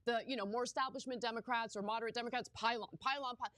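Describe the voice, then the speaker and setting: A woman's voice: on the high side, steady tone, rapid-fire, a bit bright, dry recording, studio quality. A woman co-hosting a political talk show, making firm, pointed arguments with repeated emphasis. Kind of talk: political commentary.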